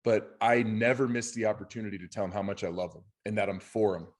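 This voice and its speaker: A man with a fairly low voice co-hosts a casual podcast about coaching. He speaks earnestly and from the heart about the kids he coaches, sounding sincere rather than polished. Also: fairly even intonation, fast talker. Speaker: podcast co-host and youth and high school coach.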